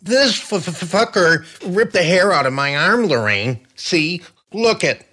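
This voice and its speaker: A man voicing a cranky, excitable old man who shouts in shrill, stammering outbursts. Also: takes it slowly, exaggerated voice.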